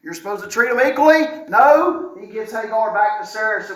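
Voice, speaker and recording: A middle-aged man preaching a sermon as a pastor, folksy and animated, with wry asides. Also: high voice, a little fast. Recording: echoey room sound.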